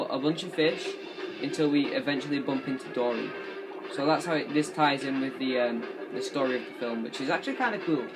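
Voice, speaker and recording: A young man in his twenties rambles casually through gameplay commentary, chatty and cursing now and then. His voice sits in the mid range, the recording is rough, and game music plays behind him.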